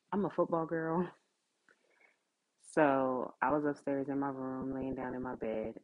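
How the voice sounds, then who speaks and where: Slow, low-voiced woman telling a story. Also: a little mellow, dull audio. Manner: conversational, many fillers like "like" and "you know". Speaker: podcast host. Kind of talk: personal storytelling.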